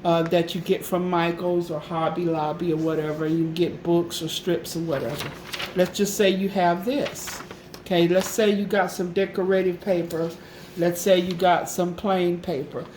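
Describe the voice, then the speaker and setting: A fairly low-voiced woman walks viewers through a craft project at home, chatty and repetitive, often checking in with "okay?". Her voice rings in an echoey room with a faint hiss underneath. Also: flat delivery, normal speed, darkish tone. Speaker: craft channel host. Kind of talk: casual craft tutorial.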